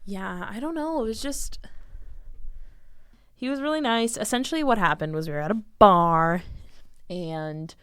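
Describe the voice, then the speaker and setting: A woman's voice: on the low side, moderate pace, smooth, no room sound. A young woman co-hosting a podcast, telling stories in casual chat and acting out the dialogue, recorded on a close mic. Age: young adult. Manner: animated storytelling, acting out quoted dialogue. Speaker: podcast co-host.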